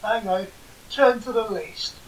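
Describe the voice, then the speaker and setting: A woman's voice: mid-range voice, unhurried. Dry, sarcastic English woman, distant mic. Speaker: podcast co-host. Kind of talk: casual banter. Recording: distant mic with faint hiss.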